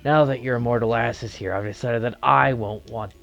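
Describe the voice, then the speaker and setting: A man's voice: medium pitch, fairly even intonation, fairly quick, creaky, a bit bright, muffled recording. A man voicing a scornful, scheming snake who insults his listener and plots revenge. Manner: contemptuous, blunt.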